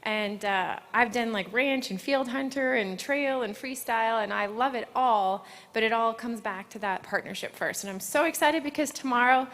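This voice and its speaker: A woman in her thirties with a fairly high voice talks about training horses during a live on-stage interview. She speaks emotionally and sounds close to tears. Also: moderate pace, few pauses, fairly bright tone. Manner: emotional, holding back tears. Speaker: award-winning horse trainer.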